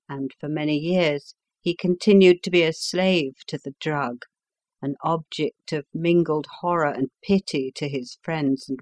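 Brief: woman audiobook narrator, deep for a woman, slow and measured, dry close recording. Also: dry recording. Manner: measured, unhurried storytelling. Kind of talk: scripted narration of a classic story.

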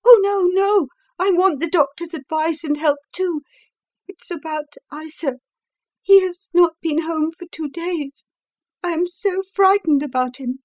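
Brief: a panicked, timid young woman begging for help, high and breathless, dry close audiobook read. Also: measured pace, few pauses, dark tone, no echo. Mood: distraught pleading. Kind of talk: audiobook character voice.

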